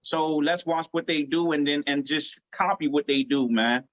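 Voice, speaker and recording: A man's voice: a little high, moderate pace, a bit bright. Emphatic man host, preachy cadence, dull lo-fi recording. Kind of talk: casual chat.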